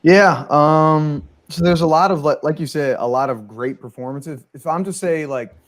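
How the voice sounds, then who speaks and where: A man's voice: on the high side, normal speed. A man on a panel giving his take on recent races in casual talk, full of fillers. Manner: hesitant, many fillers. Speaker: guest panelist.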